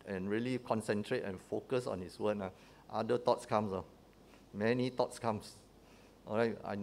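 Male lay preacher, mid-pitched, chatty teaching sermon full of tag questions and restarts. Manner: conversational, checks in with "huh?" and "right?"; often restarts and repeats words.

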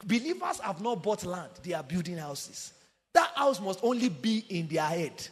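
A man preaching a sermon with passion, swinging from sung, shouted emphasis down to quiet low asides. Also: big pitch swings, normal speed, faint music behind. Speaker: pastor. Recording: long hall reverb.

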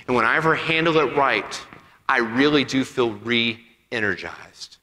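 A male pastor preaching a sermon, acting out dialogue and swinging between loud passages and soft ones. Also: medium pitch, unhurried. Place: church sanctuary. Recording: church hall with long reverb.

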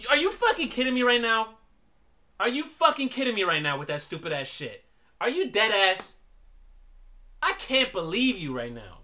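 Loud, animated man yelling at a game. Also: high voice, moderate pace, long pauses. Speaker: gaming streamer. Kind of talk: let's play commentary.

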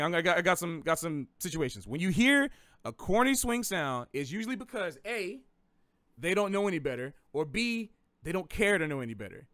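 A man's voice: a little high, a bit bright, no room sound, studio quality. Chatty Southern man teaching jazz. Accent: slight Southern American. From American South. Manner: rambling, self-correcting, chatty with gaming analogies. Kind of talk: casual livestream lesson.

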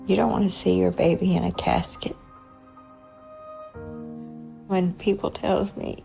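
A grieving mother in a documentary interview, speaking haltingly about her abuse and her loss. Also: fairly low pitch, little pitch movement, vocal fry, warm tone, faint music behind, poor audio. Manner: halting, grief-stricken. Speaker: bereaved mother.

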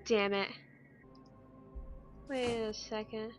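Woman, young adult, gaming commentary, excitable, reads game lines aloud, game music behind. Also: medium pitch, normal speed, pauses often. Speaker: gaming YouTuber. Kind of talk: let's play commentary.

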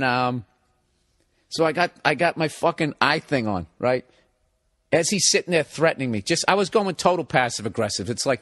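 A comedian in his forties from America, telling a story in an animated, exasperated way, swearing constantly. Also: a little high, no room sound, studio quality. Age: 40s. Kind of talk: profane comic storytelling.

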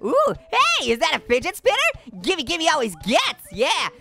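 Bouncy, high-pitched woman gaming host. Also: normal speed, gravelly, soft background music. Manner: excitable and jokey, punning and laughing, with big pitch jumps. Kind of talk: energetic let's-play commentary.

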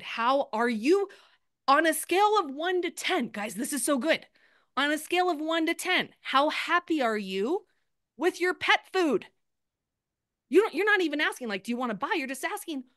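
A woman coaching a group on a live video call, energetic and chatty, often restarting her sentences. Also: high-pitched, dry recording, clean studio sound. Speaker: sales coach.

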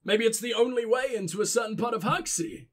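A man's voice: very high voice, a little fast, faint music behind. A man hosting a let's play, rambling through casual game commentary with self-mocking jokes and lots of swearing.

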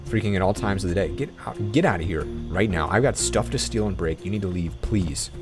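A young man giving casual let's-play commentary on a game, excitable and exasperated, rambling on between hushed mutters. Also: low-pitched, a little fast, hardly any pauses. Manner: drops to hushed, whispery mutters while sneaking. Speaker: gaming YouTuber. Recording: game music playing underneath. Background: game music.

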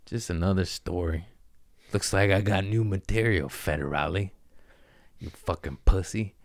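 A man hosting a podcast, telling rambling, profane, animated comic stories in casual chat. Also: deep voice, moderate pace, dry recording. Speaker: podcast host. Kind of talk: casual comedic storytelling.

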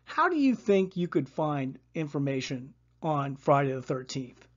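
A woman's voice: low voice, sing-song, unhurried, muffled recording, exaggerated voice. A storyteller voicing an enthusiastic, encouraging female schoolteacher in a storybook reading.

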